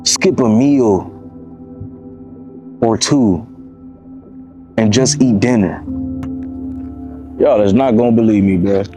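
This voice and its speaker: A man's voice: fairly low pitch, slow, pauses often, mellow, soft background music. A man in his twenties from Miami giving a casual motivational talk to camera, preachy and repetitive, calling his listeners bro. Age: 20s. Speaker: motivational vlogger.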